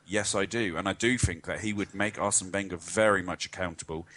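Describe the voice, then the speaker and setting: A man's voice: low-pitched, fairly even intonation, fairly quick, a bit bright. A man co-hosting a football fan podcast, giving rambling, opinionated takes in casual chat. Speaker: podcast co-host.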